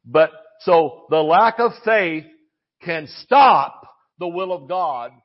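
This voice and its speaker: A man's voice: fairly high pitch, lively intonation, slow, lo-fi sound. An older man preaching a sermon in a folksy, rambling way, full of asides and restarts.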